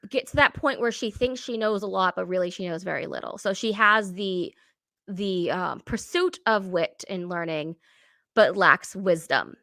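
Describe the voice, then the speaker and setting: A woman of medium pitch co-hosts a casual chat, rambling with many fillers. She acts out the people she talks about in quotes. Her voice sounds close and dry. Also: moderate pace, pushed and bright, dry recording. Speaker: co-host.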